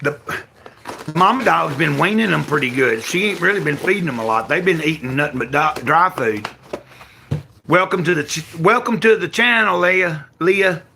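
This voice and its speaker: With slight background noise behind him, an older Southern-accented man from Tennessee chats with his livestream viewers at home, rambling folksily and correcting himself. His fairly high, gravelly voice has lively intonation, a moderate pace, and a pushed, bright quality.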